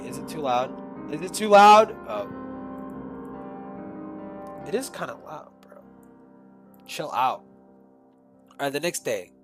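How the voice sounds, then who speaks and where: A male streamer reading a creepy fan story aloud, animated and full of swearing asides. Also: mid-range voice, rough recording.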